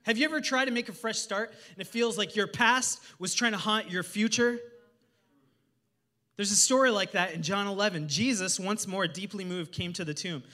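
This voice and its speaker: A man preaching a sermon as a guest pastor, energetic and humorous, joking with the congregation. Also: sits high, normal speed. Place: church service in a hotel venue.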